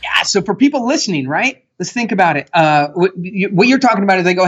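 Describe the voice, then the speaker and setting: A man guest on a talk show, telling stories and acting out what people said in a lively, animated way. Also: high voice, fast talker, few pauses, slightly rough. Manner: animated storyteller, acts out quotes. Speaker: podcast guest expert. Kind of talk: casual interview talk. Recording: dull lo-fi sound.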